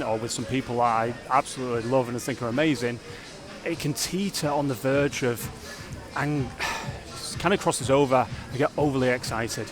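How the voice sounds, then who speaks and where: A man of medium pitch chats to camera about his training, energetic and a little rambling, often circling back on his own words. He sounds self-reflective and open, like a vlogger, with faint music playing behind him. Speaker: fitness vlogger. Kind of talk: casual vlog talk to camera.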